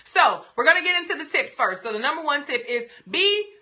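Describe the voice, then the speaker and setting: A woman's voice: sits high, big pitch swings, fairly quick, bright, forceful tone. A young woman hosting a casual livestream, giving beauty tips in a sassy, playful, emphatic way.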